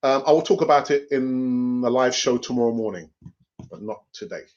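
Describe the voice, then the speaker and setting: Lively man chatting on a stream. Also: medium pitch, dull audio. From North London. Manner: chatty, laughs often, does quick voices. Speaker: fan channel host. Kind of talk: casual live-stream chat.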